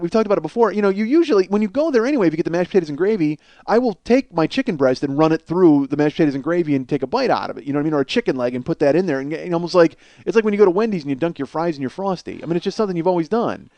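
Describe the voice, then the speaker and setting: Very fast and animated, this man's mellow voice sits on the high side, recorded dry. As host of a comedy podcast, he tells a comic storytelling monologue, a rambling, profane, self-mocking tale that makes him laugh at his own jokes, all while sporting a cold sore on his face.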